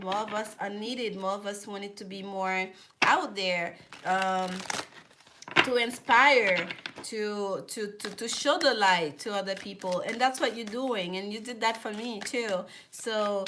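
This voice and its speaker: A woman's voice: medium pitch, unhurried, heavy background noise. A woman giving a live tarot reading, chatting with viewers and often repeating herself. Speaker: tarot reader.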